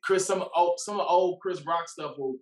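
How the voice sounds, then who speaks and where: A man's voice: high voice, measured pace, distant mic. A man who is a comedian, chatting casually on a podcast and telling stories by acting out what people said. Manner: storytelling, acts out quotes. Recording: roomy, off-mic sound.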